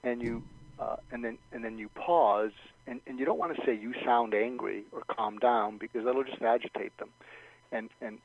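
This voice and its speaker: A man's voice: mid-range voice, fairly quick, no echo. A man as guest expert in an interview, explaining techniques and acting out example phrases with many restarts. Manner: animated, acts out example phrases, frequent restarts. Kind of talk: interview advice. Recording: dull lo-fi dry sound.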